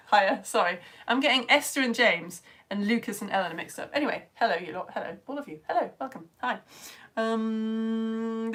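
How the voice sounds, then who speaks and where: A cheerful woman with a fairly high voice chats into her phone during a live stream for home-schooled children. She greets viewers by name, exclaims over their pictures and jokes as she scrolls through the comments. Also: a bit bright. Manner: bubbly, chatty, exclaiming names. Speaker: children's science teacher.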